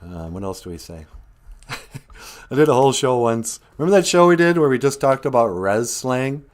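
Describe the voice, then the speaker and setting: A man hosting a casual live stream. He tells jokey stories, chuckling often as he greets viewers. His mid-range voice rises and falls in a lively way. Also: medium pitch, moderate pace.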